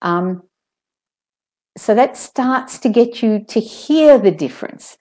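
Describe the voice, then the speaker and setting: A woman teaching pronunciation in an online lesson, calmly drilling word pairs and sentences. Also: a little high. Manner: slow, careful drills with clear word pairs.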